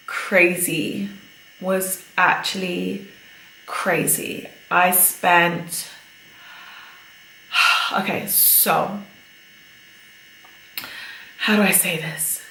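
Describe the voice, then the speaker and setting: Slow-talking, slightly breathless woman vlogger. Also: on the low side, flat delivery, sharp tone, roomy sound, slight background noise, low-quality recording. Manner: chatty, unhurried, laughs often. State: a little out of breath. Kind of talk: casual pregnancy update vlog.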